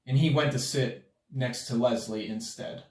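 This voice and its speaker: A man reading a children's picture book aloud in a lively, expressive way. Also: mid-range voice, unhurried. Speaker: storybook reader. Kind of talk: read-aloud children's story. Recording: roomy sound from a distance.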